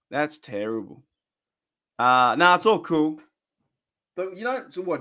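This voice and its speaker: An Australian man hosts a casual fan live stream, talking into a desk microphone. He rambles and gets excitable, breaking off to answer his chat viewers. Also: medium pitch, moderate pace. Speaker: fan podcast host.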